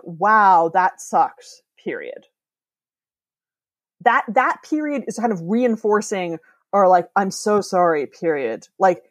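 A woman guest author talking through ideas on a podcast in a casual, explanatory way, with many fillers and quick asides. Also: mid-range voice, no room sound.

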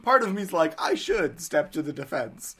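A man's voice: fairly high pitch, sing-song, normal speed, a bit bright, breathy edge. A man co-hosting a podcast, talking in a wry, casual way and swearing freely. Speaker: podcast co-host. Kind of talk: casual chat.

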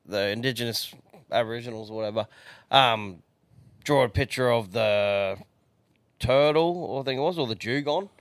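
Laid-back podcast host. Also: male voice, mid-range voice, moderate pace, no echo. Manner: relaxed, hesitant, offhand. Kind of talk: casual chat.

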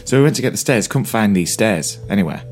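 A man's voice: lowish voice, animated, quick pace, faint music behind. A man from Burnley with a Lancashire English accent, co-hosting a podcast and telling rambling stories with many restarts. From Burnley, England. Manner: chatty storyteller, rambling with restarts. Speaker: podcast co-host. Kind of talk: casual chat.

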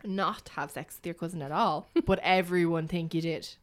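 A woman's voice: on the low side, fairly even intonation, normal speed. A woman hosting a casual podcast chat, reading out questions with frequent giggles and rambling restarts. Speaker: podcast host.

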